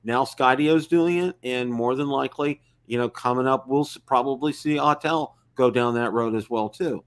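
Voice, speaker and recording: A man's voice: medium pitch, moderate pace, clean tone. A man hosting a live-stream talk show about drones, rambling with many fillers and restarts. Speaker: host.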